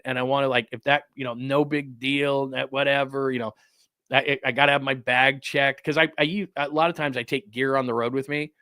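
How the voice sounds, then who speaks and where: A man's voice: mid-range voice, sharp tone, no echo, studio quality. A middle-aged man hosting a sports talk show, chatting casually in a rambling, joking way. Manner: rambling, jokey, conversational.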